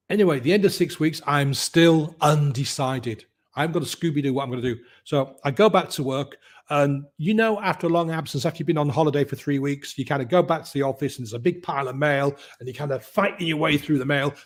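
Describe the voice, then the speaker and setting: A middle-aged man, a guest telling his story in a lively way and acting out the voices of the people in it. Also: a little high. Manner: lively, acts out quoted voices. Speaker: guest, mindset coach. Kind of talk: animated storytelling.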